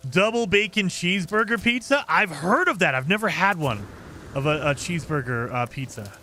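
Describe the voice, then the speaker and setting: A man's voice: high-pitched, expressive, moderate pace, pushed and bright. A man streaming a game, chatting casually and reacting to viewer comments with lots of fillers. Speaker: gaming streamer. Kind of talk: casual chat with live chat.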